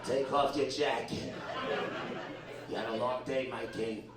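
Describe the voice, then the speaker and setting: A man's voice: mid-range voice, steady tone, a little slow, very noisy, voice pushed down, lightly acted. A man putting on a cooing, doting wife. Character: fawning, doting wife greeting her husband. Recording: echoey club, distant mic, crowd.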